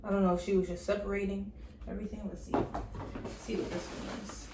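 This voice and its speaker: A young woman unboxing gifts in a casual vlog, excited and emotional, gasping at each gift. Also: mid-range voice, fairly quick. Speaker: vlogger. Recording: roomy, from far off the mic, faint noise.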